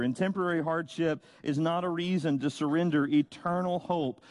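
A man preaching a sermon, slow and emphatic, with dramatic pauses and rhetorical questions. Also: a little high, fairly even intonation, darkish tone, dry recording. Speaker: pastor.

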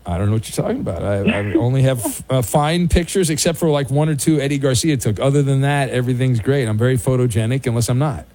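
A man's voice: mid-range voice, quick pace, few pauses, darkish tone. A man hosting a sports call-in radio show, bantering sarcastically with callers and stumbling over restarts. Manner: sarcastic, teasing, stammering restarts. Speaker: sports talk radio host.

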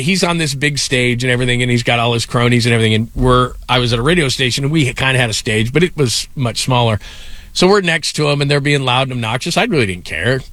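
A man's voice: medium pitch, a bit bright, dry recording. A middle-aged man hosting sports radio, telling rambling stories full of fillers and laughs. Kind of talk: casual sports talk.

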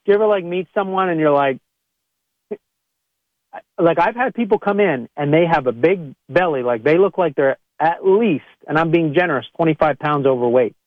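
Speaking at a normal pace with a somewhat high voice, this male chiropractor chats with podcast listeners and performs other people's words in a louder, raised tone. The audio sounds like a phone line, with no room sound.

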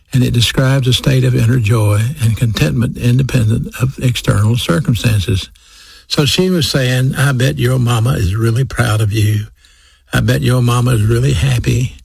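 A man preaching a sermon, slowing down and repeating key phrases for emphasis. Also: medium pitch, creaky, darkish tone, breathy edge, dry recording.

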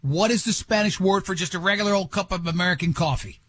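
A male radio host chatting casually, teasing his guest and tripping over his own sentences. His voice sits high and a bit husky. The studio sound is dry and close. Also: fast talker, a bit bright, no echo. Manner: rambling, self-interrupting, teasing.

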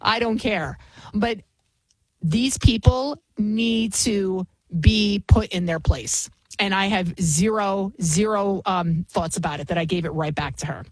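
A woman's voice: mid-range voice, a little slow, no room sound, poor audio. A woman in her forties hosting a talk radio show, ranting with heated indignation. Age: 40s. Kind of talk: opinionated talk radio monologue.

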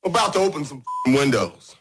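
An actor playing a furious man who is fed up with snakes on a plane, shouting and swearing in exasperation in a film clip. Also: medium pitch, big pitch swings, brisk, vocal fry. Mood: enraged. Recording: film clip with faint noise.

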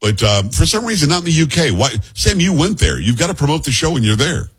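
Middle-aged male radio host, husky, talks fast, casual jokey banter. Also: on the high side, very animated. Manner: chatty, jokey, rapid-fire asides. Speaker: radio talk show host. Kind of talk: casual on-air chat. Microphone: studio microphone.

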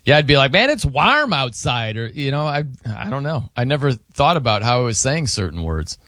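A man's voice: mid-range voice, sing-song, normal speed, pushed and bright, no echo, clean studio sound. A middle-aged man hosting a radio show in casual chat, laughing often and mimicking how people say words.

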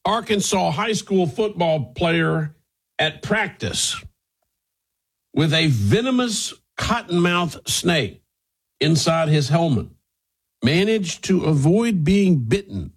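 A man's voice: a little high, animated, slow pace, husky. A man commentating, unhurriedly reading out a news story.

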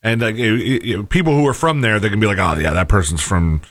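A man co-hosting a talk show, speaking casually and haltingly, with many fillers and restarts. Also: on the low side, a bit bright, no echo. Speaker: co-host.

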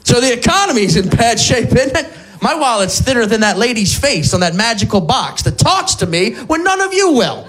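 A man's voice: very high-pitched, big pitch swings, moderate pace, fairly bright tone. A man doing stand-up comedy with a manic, riffing delivery. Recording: live stand-up with crowd laughter.

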